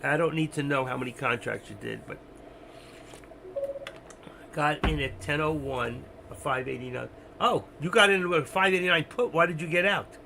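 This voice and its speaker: A man's voice: fairly high pitch, normal speed, gravelly, noisy background. A man hosting a trading livestream, talking casually and rambling, mocking himself and speaking straight to his viewers. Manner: rambling, self-deprecating, talks straight to viewers. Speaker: options trading livestream host.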